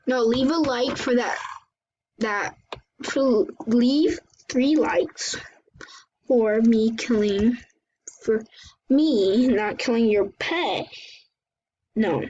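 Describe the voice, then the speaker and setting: A woman hosting her gaming channel, chatting excitably through live gameplay commentary, often exclaiming and apologizing. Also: a little high, extremely slow, pauses often. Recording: dull lo-fi recording with faint hiss.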